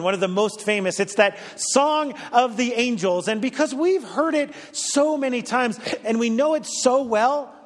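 A man's voice: high voice, long reverb tail. A middle-aged male pastor giving a conversational, storytelling sermon with dry humor.

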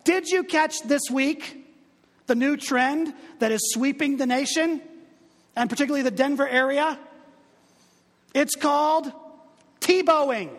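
A man's voice: very high-pitched, big-room sound. A male pastor giving a conversational, humorous sermon full of asides.

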